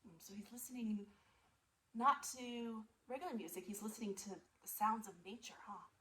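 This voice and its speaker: A woman museum storyteller reading a picture book aloud to children, animated and asking them questions. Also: medium pitch, normal speed, poor audio.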